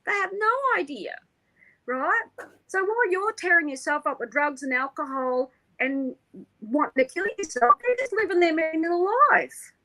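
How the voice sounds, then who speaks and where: A woman, an interview guest, tells a personal story in an animated way, laughing often and acting out the people she quotes. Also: very high-pitched, normal speed, low-quality recording.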